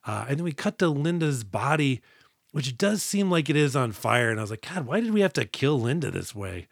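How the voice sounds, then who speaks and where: A man's voice: mid-range voice, sing-song, brisk, creaky, dry recording, studio quality. Guy on a podcast retelling a movie, jokey, keeps doing the characters' lines. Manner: joking, acts out quotes. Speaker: podcast co-host. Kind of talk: casual movie-recap chat.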